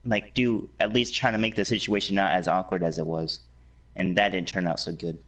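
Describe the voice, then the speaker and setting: A man's voice: sits low, flat delivery, fairly quick, a bit bright. A young man rambling and teasing crudely in a casual late-night chat as a guest.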